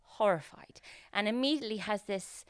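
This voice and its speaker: A woman co-hosting a casual TV recap podcast, animated and freely swearing as she talks. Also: mid-range voice, normal speed, clean tone, dry recording, studio quality. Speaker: podcast co-host. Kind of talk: casual chat recapping a TV episode.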